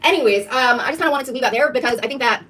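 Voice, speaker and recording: Casting: woman, bright and high, emphatic and repetitive political rant. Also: very fast. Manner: emphatic, repetitive, rising to heated insistence. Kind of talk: impassioned political monologue. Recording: echoey room.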